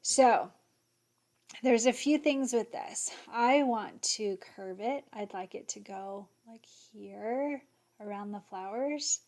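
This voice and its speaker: A woman hosting an embroidery software tutorial, excitable and gushing, sometimes muttering to herself as she clicks along. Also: on the high side, slow pace. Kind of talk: screen-share software tutorial.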